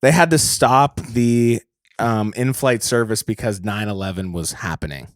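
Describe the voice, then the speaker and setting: A man hosting a podcast, riffing in casual comedy chat with loud laughs. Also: lowish voice, normal speed, no echo, clean studio sound. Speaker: podcast host.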